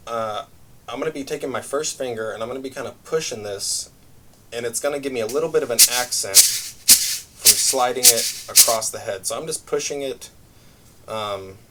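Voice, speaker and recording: A man teaching a brush drumming lesson, explaining patterns step by step in a relaxed way with frequent fillers. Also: medium pitch, very noisy. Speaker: music teacher. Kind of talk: drum lesson demonstration.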